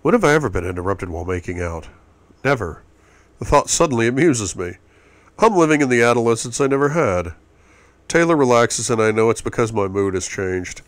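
A man's voice: medium pitch, expressive, brisk, no room sound. A man reading a novel aloud in first person, often murmured and intimate. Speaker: audiobook reader.

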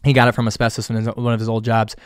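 A man's voice: mid-range voice, little pitch movement, rapid-fire, clear, resonant tone, no echo, studio quality. A young adult man, a podcast host, telling a personal story in a casual, rambling way, swearing often and slipping in sarcastic asides.

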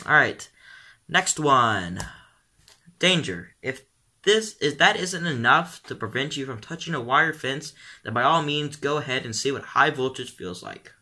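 A teenage boy chatting casually on his vlog, rambling along with lots of ums and likes. His voice sits at a middle pitch and sounds very bright. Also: animated, measured pace. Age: teens. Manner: rambling, full of "um" and "like". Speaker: vlogger.

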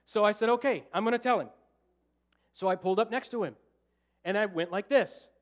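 A pastor with a bright, high-pitched voice preaches a sermon in a church sanctuary, speaking briskly. He tells a story with lively energy, animatedly acting out what went through his head and joking with the congregation.

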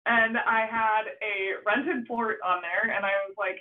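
A young adult woman, a surf photographer, telling a story in a casual interview. She is animated, laughs often and acts out her own past shouts. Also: fairly high pitch, unhurried, hardly any pauses, far from the mic. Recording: tinny phone-like line, off-mic.

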